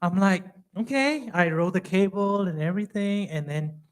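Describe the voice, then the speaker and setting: A man's voice: sits high, normal speed. A man from Myanmar with a Burmese accent, a pastor giving a Bible study talk in a chatty storytelling way, acting out dialogue in second-language English.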